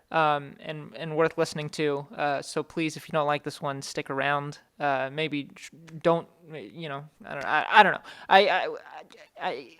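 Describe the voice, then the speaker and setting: A man hosting a podcast in casual chat, rambling and self-deprecating, his voice slightly hoarse. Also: a little high, a bit bright. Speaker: podcast host.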